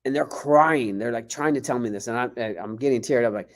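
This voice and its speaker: Here a male martial arts instructor, guesting on a podcast, talks at medium pitch and slightly quick. He spins casual, animated stories and acts out what people said.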